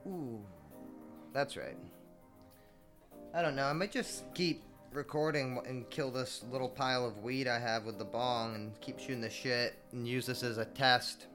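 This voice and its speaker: Male podcast host, mid-range pitch, loose rambling delivery, cusses freely, drifts from mumbles to loud outbursts. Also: normal speed, over music. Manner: rambling, profane, storytelling; laid-back, swings between mumbling and loud. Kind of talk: casual solo podcast chat.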